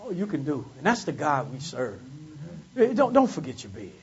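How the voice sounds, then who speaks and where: Fervent high-voiced man preaching a sermon. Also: wildly swooping pitch, normal speed, highs cut off. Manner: call-and-response preaching, rising to fervent peaks; repeats phrases for emphasis. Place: church service.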